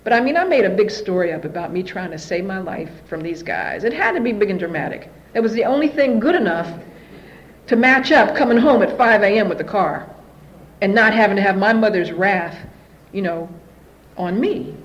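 A woman's voice: medium pitch, expressive, normal speed, dull audio. Candid woman sharing a recovery story. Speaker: speaker sharing her story at a recovery meeting. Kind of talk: personal recovery testimony.

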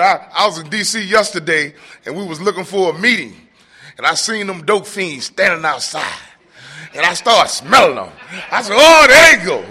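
Man, from Atlanta, high pitched, piercingly bright tone, excitable, joking, swears, recovery meeting share. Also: husky. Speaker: speaker sharing at a recovery meeting. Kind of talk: personal testimony at a meeting.

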